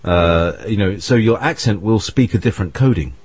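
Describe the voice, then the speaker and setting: A man's voice: lowish voice, moderate pace, a little mellow, breathy edge, no echo. A British man talking in a rambling, hesitant way, with many restarts and fillers. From Britain. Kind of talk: casual conversation.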